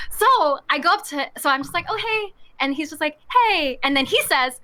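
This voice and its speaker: A young woman telling a story on a podcast, animated and laughing often as she acts out what people said. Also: sits high, moderate pace. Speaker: podcast guest. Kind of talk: casual storytelling chat.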